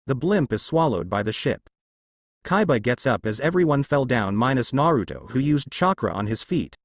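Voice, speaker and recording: A man's voice: medium pitch, lively intonation, moderate pace, dry recording. Man reading fan fiction aloud. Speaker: storyteller.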